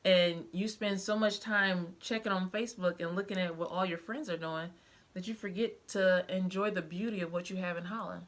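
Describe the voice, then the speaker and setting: A woman's voice: lowish voice, steady tone, moderate pace. A young woman talking to the camera about her life as a mother, heartfelt and emotional, with many fillers. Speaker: vlogger, mother. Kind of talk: casual personal storytelling to camera.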